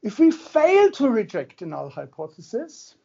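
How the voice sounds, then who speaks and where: Slow, lively male lecturer. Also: very high voice, creaky, husky, highs cut off. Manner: conversational, jokey, checks in with the audience. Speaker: university lecturer. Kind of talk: classroom lecture.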